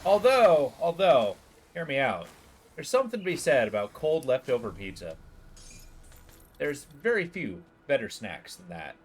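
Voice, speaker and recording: Chatty, animated male streamer. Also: mid-range voice, moderate pace, slight background noise. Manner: chatty, rambling, lots of fillers. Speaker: livestreamer chatting with viewers. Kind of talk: casual chat while gaming.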